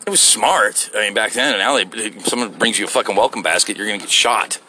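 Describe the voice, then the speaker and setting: A man's voice: on the low side, fast talker, slight background noise. A middle-aged man giving a blunt, profane rant to camera in a casual vlog, out near his home. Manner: blunt and swearing, animated. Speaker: vlogger.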